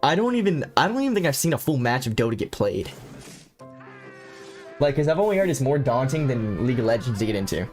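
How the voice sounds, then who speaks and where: A young American man talks with his livestream chat, swearing and joking as he reads a horror game aloud. His voice sits at an everyday middle pitch. Faint music plays under him. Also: big pitch swings, fast, darkish tone. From United States. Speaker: streamer.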